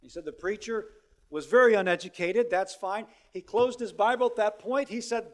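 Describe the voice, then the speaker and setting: A man preaching a sermon, moving between hushed storytelling and loud, emphatic exhortation. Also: high voice, moderate pace.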